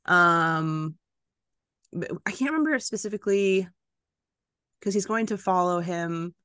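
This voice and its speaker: A woman's voice: on the low side, measured pace, fairly bright tone, smooth, no echo, studio quality. A woman co-hosting a podcast, chatting casually about a book, rambling and laughing often. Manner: giggly, rambling storyteller. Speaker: podcast co-host.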